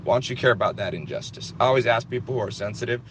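A man's voice: mid-range voice, racing. A man giving his team a blunt, profane lecture, with faint car noise behind him. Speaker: business owner addressing his team. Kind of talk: blunt motivational talk.

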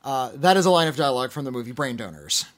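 A man's voice: medium pitch, very animated, fast. A middle-aged man co-hosting a podcast, reading listener letters and rambling casually with restarts. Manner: rambling, self-correcting, quoting movie lines. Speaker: podcast co-host.

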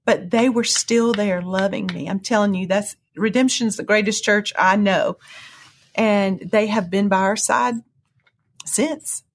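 Earnest breathy woman telling her testimony. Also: unhurried. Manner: earnest storytelling, swings to high cries when reliving moments. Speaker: guest sharing testimony. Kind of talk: emotional personal testimony.

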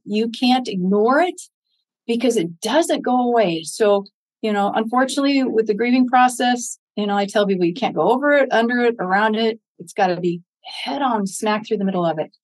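A woman's voice: medium pitch, poor audio. An older American woman, a public speaker, talking earnestly and encouragingly in an interview, acting out her own inner dialogues. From United States. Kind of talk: interview talk.

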